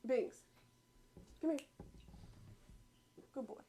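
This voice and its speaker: A woman's voice: drawn-out words, dark tone. A young woman chatting casually with a friend on a video. She giggles a lot, swears freely and makes fun of herself. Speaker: co-host. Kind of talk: casual chat reading out an AI conversation.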